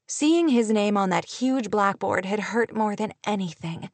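A woman reading a romance novel aloud in an even, measured storytelling voice. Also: mid-range voice, no room sound. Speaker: audiobook narrator. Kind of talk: scripted narration.

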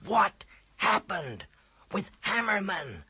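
Man doing a high, eager schoolboy. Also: sing-song, pushed and bright, slightly rough, heavily acted. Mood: pestering. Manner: high, drawn-out, wheedling boy voice. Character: excitable schoolboy, eager and scattered.

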